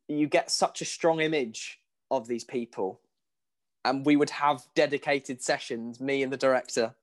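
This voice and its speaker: Guy actor chatting after a show, kinda high voice, laughs a lot, rushes then restarts. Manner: animated, laughs often, quick bursts with restarts. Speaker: stage actor answering audience questions. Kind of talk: casual Q&A talk.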